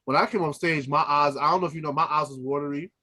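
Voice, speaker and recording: Chatty male opera singer, higher voice. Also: fairly even intonation, fast, sharp tone. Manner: chatty, laughs easily, trails off and restarts. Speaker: podcast co-host. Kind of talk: casual chat.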